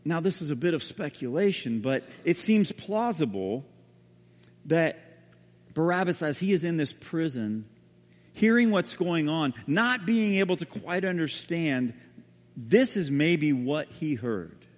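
A man preaching a sermon as a pastor, telling the story dramatically and often dropping to a hushed voice. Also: a little high, lively intonation, unhurried. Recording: reverberant hall.

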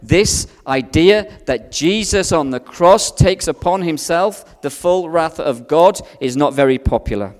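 A man preaching a sermon, telling a personal story with strong swings between loud and hushed delivery. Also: fairly high pitch, lively intonation, measured pace, hardly any pauses, big-room sound. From outside America.

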